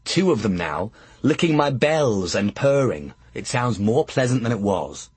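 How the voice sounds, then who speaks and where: A husky male narrator reads an audiobook with a wry, dry comic touch. He takes his time, his voice lively and expressive, recorded close and dead dry. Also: medium pitch, measured pace, dry recording.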